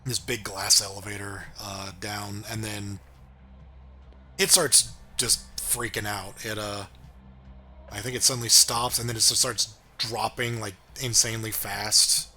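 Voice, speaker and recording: A man co-hosting a podcast, slowly and hesitantly summarising a cartoon scene. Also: lowish voice, fairly even intonation. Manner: slow, hesitant, quiet agreeing and short summaries. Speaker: podcast co-host. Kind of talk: casual chat recapping a cartoon episode.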